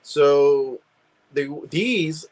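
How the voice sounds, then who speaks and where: A man's voice: fairly high pitch, lively intonation, extremely slow, low-quality recording. A man chatting casually over a video call, rambling with many restarts. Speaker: guest collector. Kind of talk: casual chat.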